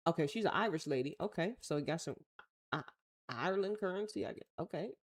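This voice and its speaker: A woman's voice: on the low side, animated, fast. A woman with an American accent hosting a casual talk show, reading news aloud and reacting bluntly in slangy, offhand remarks. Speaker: host.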